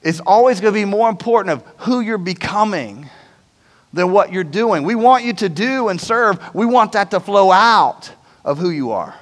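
A pastor delivers a sermon in a relaxed, conversational way at a moderate pace, often checking in with the room by asking "right?" His voice sits high for a man, and a long reverb suggests a large church auditorium.

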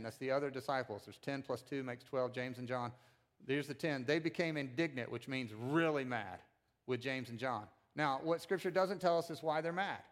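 A middle-aged man giving a conversational sermon as a pastor, animated and acting out voices of the people in the story. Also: fairly high pitch.

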